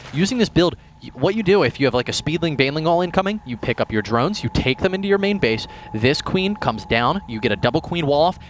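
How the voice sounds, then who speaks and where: A man's voice: medium pitch, slight background noise. A man giving color commentary on an esports match, analytical with playful banter. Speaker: esports co-caster.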